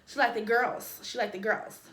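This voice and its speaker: A woman with a fairly high voice tells a personal story in a casual vlog. She throws in dramatic asides and playful sound effects. Her voice rings in a roomy, echoey space. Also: fairly even intonation, moderate pace, fairly bright tone. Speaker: storytime vlogger.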